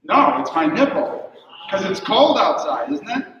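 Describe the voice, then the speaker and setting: A man's voice: high-pitched, big pitch swings, a little slow. Young man, stand-up comic, chatty, teasing, dull muffled sound, faint room noise. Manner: chatty, teasing the audience with questions. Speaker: stand-up comedian. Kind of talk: stand-up comedy. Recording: muffled echoey room from far off.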